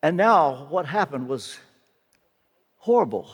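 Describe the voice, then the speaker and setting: An older man delivers an earnest, emphatic sermon. He speaks slowly, leaving room between his phrases, and his voice sits high for a man. A long reverb from a large hall hangs after each line. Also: big pitch swings, husky. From United States. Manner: earnest personal testimony, slow and emphatic. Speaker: guest preacher.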